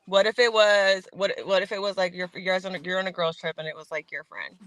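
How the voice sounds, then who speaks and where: Woman, bright voice, rambling casual chat, dry close recording. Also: fairly low pitch, steady tone, fast, no echo. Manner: rambling, leans on "I feel like".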